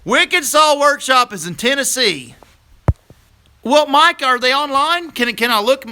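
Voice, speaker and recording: Host, middle-aged man, high and piercingly bright voice, folksy live-stream banter. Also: lively intonation, a little slow, a little hiss or hum. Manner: folksy, chatty, laughs easily. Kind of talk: casual live stream chat with viewers.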